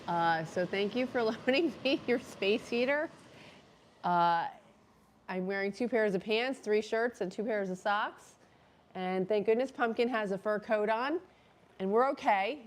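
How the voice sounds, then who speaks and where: A woman's voice: fairly low pitch, a little mellow. Chatty woman hosting a live stream. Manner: chatty, rambling, many fillers and restarts. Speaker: livestream host. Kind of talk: casual live-stream chat. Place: cold home room. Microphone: microphone clipped near her cat.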